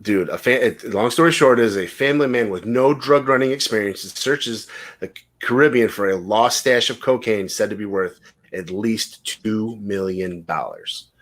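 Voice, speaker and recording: A man's voice: fairly low pitch, moderate pace. A man hosting a casual podcast, telling rambling stories and swearing freely. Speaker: podcast host.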